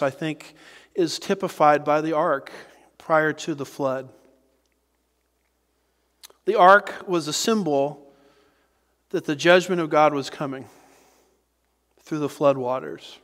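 A man preaching a sermon as a pastor, earnest and emphatic, with dramatic pauses. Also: on the high side. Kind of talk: expository sermon. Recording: reverberant hall.

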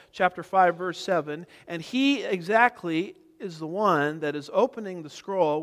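A man's voice: sits high, a bit bright. A man preaching an expository sermon, teaching emphatically and driving home repeated points. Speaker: pastor. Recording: reverberant hall.

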